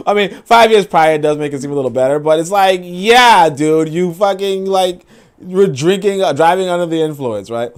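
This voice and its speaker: This podcast host's voice is high, animated, and clean, moving at a moderate pace. Reacting to posts, he launches into a rambling, profane rant stuffed with fillers.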